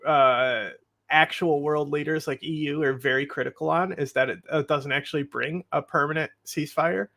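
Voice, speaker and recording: A man's voice: a little high, steady tone, moderate pace, vocal fry, bright, forceful tone. A man hosting a livestream, giving blunt, rambling, opinionated commentary on the news. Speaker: livestream host.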